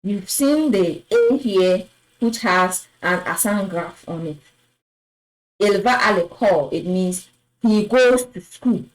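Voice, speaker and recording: A woman teaching French pronunciation, patiently repeating each word and affirming with a soft "yes". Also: medium pitch, slow pace, poor audio. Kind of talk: slow explanatory lesson.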